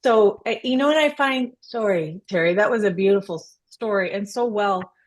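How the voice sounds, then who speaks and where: A woman patient advocate and guest in a casual conversation who talks fast and affirms others warmly. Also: mid-range voice. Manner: fast-talking, warm affirming. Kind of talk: casual chat.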